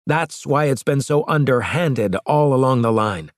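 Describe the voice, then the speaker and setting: Resolute starship captain pressing hard, as a male narrator puts him on, raised pitch, lively, dry close sound. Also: measured pace, dry recording, natural voice. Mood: urgent. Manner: urgent and insistent.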